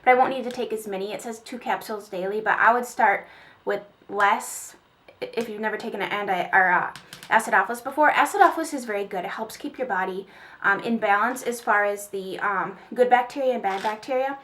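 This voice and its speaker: A woman's voice: mid-range voice, fairly quick, a bit bright. A woman chatting casually through a product haul, rambling with fillers and small laughs. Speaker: beauty vlogger. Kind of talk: casual haul video chat.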